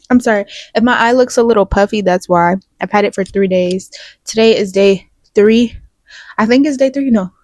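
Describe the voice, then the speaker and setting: A young woman with hosting a podcast from her bed, sniffly from crying, talking candidly, rambling and swearing, trailing off into soft asides. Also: mid-range voice, no room sound. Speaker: podcast host. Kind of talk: casual confessional vlog. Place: bedroom, in bed. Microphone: small mic plugged into a phone.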